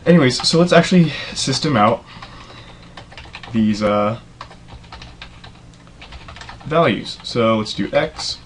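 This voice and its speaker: A young man hosts a casual coding tutorial, enthusiastic and rambling with lots of fillers, calling himself a nerd. His mid-range voice has lively intonation, and he speaks slowly with frequent pauses. Slight background noise can be heard.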